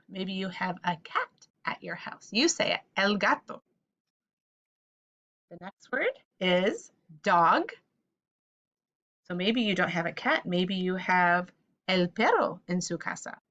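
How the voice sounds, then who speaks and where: On dull-sounding audio, a woman with a mid-range, slightly bright voice teaches children Spanish vocabulary. She speaks slowly and clearly, patiently saying each word and asking listeners to repeat after her.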